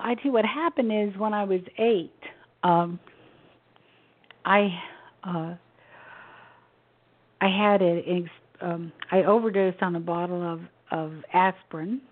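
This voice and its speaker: A woman in her sixties, from Memphis, Tennessee, a guest author telling a personal story in a soft, halting way. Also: lowish voice. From Memphis, Tennessee, USA. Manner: soft-spoken, halting, with small laughs. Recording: tinny phone line.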